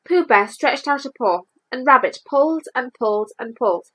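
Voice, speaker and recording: Expressive woman reading a storybook aloud. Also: sits high, breathy edge, poor audio. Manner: lively, expressive reading with slowed emphases.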